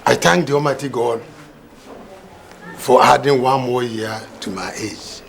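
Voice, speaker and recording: A man's voice: mid-range voice, measured pace, gravelly, a little hiss or hum. An actor playing an older father with a Ghanaian accent, speaking formally and measuredly in a Ghanaian film drama. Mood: solemn. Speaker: father announcing remarriage.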